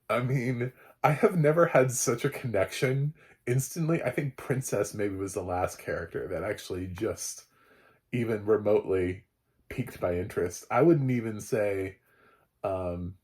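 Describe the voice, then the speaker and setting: A man's voice: fairly low pitch, moderate pace, a little mellow. A man casually recapping a TV episode, rambling with lots of fillers and frequent laughter. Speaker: TV show reviewer.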